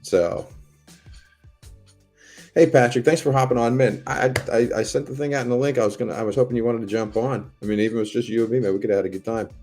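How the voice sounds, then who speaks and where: A man's voice: mid-range voice, fairly even intonation, quick pace, darkish tone, faint music behind. A middle-aged American man hosting a casual livestream, rambling and swearing as he chats with viewers and tells stories. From United States. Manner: rambling, profane, chatty storytelling. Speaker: livestream host. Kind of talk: casual chat to a live audience.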